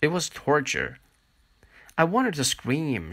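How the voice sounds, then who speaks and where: A man reads a story aloud at an unhurried pace, his voice moving expressively up and down. The tone is bright and forward, and the recording is close and dry. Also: mid-range voice, sing-song, dry recording. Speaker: narrator. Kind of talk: audiobook reading.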